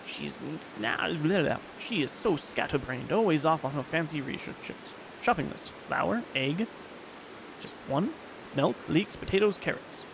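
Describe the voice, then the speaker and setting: A man's voice: on the high side, lively intonation, unhurried, vocal fry, background noise. A man streaming a puzzle game, rambling and self-mocking while reading game text aloud. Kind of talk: casual game commentary.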